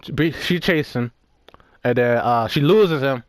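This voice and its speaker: This is a gaming vlogger, roughly nineteen, rambling through a movie recap mid-game with swearing, frequent laughs and filler words. His pitch is medium, his delivery unhurried, and there's no echo.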